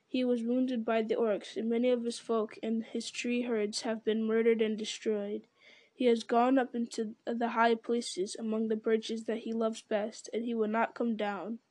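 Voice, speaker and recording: A woman voicing an ancient, slow and grave male tree-giant in a storybook reading, speaking in a solemn, deliberate way. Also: a little high, level tone, a little mellow, no echo, lightly acted.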